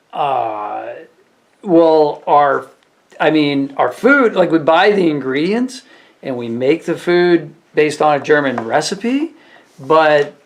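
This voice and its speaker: Rambling, slightly high-voiced man telling stories. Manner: rambling, filler-heavy retelling that grows animated. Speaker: restaurant waiter. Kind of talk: casual storytelling vlog.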